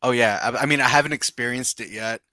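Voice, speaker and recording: A man's voice: mid-range voice, fast talker, pushed and bright, dry recording, studio quality. A man co-hosting a live stream, chatting in a playful, jokey way with many restarts. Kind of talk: casual chat.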